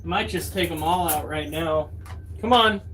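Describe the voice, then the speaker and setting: A man's voice: fairly high pitch, measured pace, a bit bright, slight background noise. A man in his thirties vlogging at home, telling stories to his viewers in a chatty, swearing, casual way. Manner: chatty, swears freely, acts out quotes.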